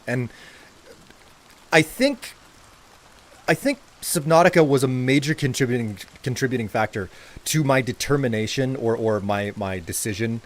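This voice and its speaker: A man giving casual, rambling commentary while streaming a game. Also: mid-range voice. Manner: rambling, reflective chat.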